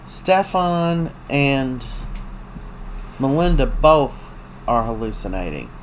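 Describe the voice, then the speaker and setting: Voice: mid-range voice, sing-song, a little hiss or hum, low-quality recording. A host casually recapping a week of a soap opera, talking in a chatty, gossipy way with lots of ums and uhs. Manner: chatty, gossipy storytelling with many fillers; acts out characters' lines in quick put-on voices.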